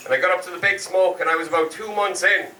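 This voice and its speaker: A man's voice: high voice, fairly even intonation, quick pace, sharp tone. A young man from the west of Ireland with a West of Ireland accent, doing a sweary, chatty stand-up set and teasing the crowd. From Galway, west of Ireland. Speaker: stand-up comedian. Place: comedy club stage. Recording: echoey club, far mic, crowd noise.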